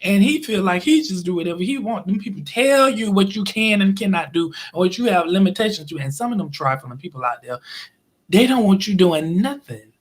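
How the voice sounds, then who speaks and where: Chatty high-voiced man telling stories. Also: expressive, fairly quick. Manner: chatty, rambling, laughs often, acts out quoted voices. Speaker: YouTube live streamer. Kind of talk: casual storytelling monologue.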